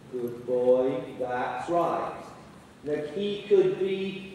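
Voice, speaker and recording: In an echoey indoor arena, a man's fairly high, warm voice carries from a distance over slight background noise. He's a riding instructor teaching dressage, teasing and encouraging his rider with nonstop praise.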